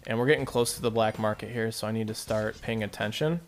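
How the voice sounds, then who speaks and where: Low-pitched and steady, this man talks fast as he rambles through casual let's play commentary. He speaks to his viewers and pokes fun at himself.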